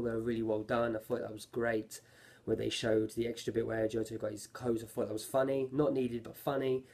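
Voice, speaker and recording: Male anime reviewer, casual and rambling; gravelly, husky tone. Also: medium pitch, darkish tone. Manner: rambling, self-correcting, lots of fillers.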